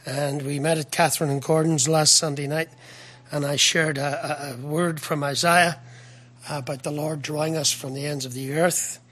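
Earnest middle-aged male preacher from the United Kingdom, high and bright-toned, sermon delivery. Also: flat delivery, moderate pace. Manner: earnest, repeats words, asks the listeners questions.

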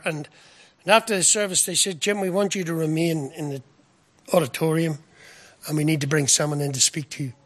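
A man's voice: on the high side, fairly bright tone. A middle-aged man from the United Kingdom preaching a sermon in an earnest manner. He often repeats words and asks the listeners questions.

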